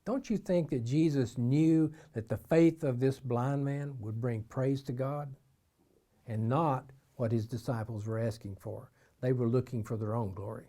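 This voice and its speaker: A man's voice: medium pitch, measured pace. A man from eastern Kentucky with an Eastern Kentucky accent, giving an informal devotional talk in a folksy storytelling way. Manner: folksy storytelling, acts out shouted voices in quotes. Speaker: missionary preacher.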